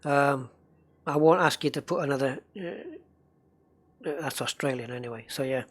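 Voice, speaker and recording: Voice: medium pitch, moderate pace. A game livestreamer giving casual, rambling commentary while playing and chatting with viewers. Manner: rambling, chatty, reads and answers viewer chat.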